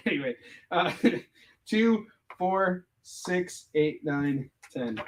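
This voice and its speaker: A man's voice: sits high, expressive, very slow, long pauses, low-quality recording. A man from the United States who creates comics, chatting casually and joking on a livestream Q&A while he counts stock aloud.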